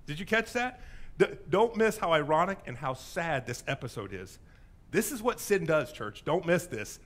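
A man's voice: sits high, fairly bright tone. A man preaching a sermon as pastor, telling a story with playful voices and asides.

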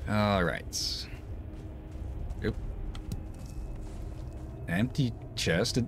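A man streaming a co-op game with a friend, relaxed, thinking aloud and laughing often. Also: lowish voice, drawn-out words, faint music behind. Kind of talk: casual gaming chat.

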